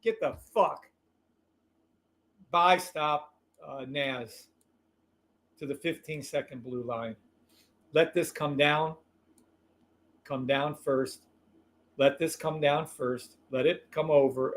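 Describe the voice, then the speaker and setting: A man hosting a live trading stream, calling trades in an excitable, profane, loud way. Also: medium pitch, slow, pauses often, a little hiss or hum. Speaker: livestream trading host.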